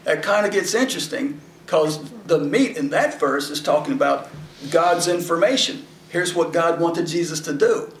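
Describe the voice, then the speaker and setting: Folksy man teaching scripture, gravelly voice. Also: on the high side, expressive, normal speed, a bit bright. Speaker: Bible teacher. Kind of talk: conversational Bible teaching. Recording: echoey room, mic at a distance, faint background noise.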